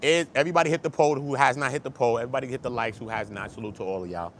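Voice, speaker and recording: A man hosting an online gossip commentary show, talking fast and slangy, swinging from low mutters to loud excited bursts. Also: vocal fry, slight background noise. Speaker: YouTube commentary host. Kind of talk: animated street-gossip commentary.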